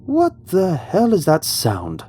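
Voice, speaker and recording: A man voicing a gruff, irritated middle-aged farm father with a Midwestern accent, blunt and snappish, in a horror story reading. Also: sits high, wildly swooping pitch, takes it slowly, mellow, slight background noise, pitched above the performer's own voice, exaggerated voice. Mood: alarmed.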